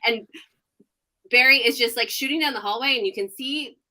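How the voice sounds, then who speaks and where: A woman in her thirties, a sports reporter, chats as a podcast guest with a bright, forceful tone. She tells her stories with animated energy and laughs often along the way. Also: on the high side, normal speed. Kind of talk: casual podcast interview.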